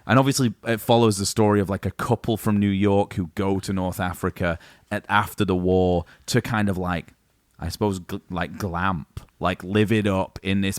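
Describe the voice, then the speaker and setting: A man's voice: low voice, no room sound, studio quality. A man co-hosting a podcast, explaining a subject in a meandering, casual way full of fillers. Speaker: podcast co-host. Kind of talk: casual conversational storytelling.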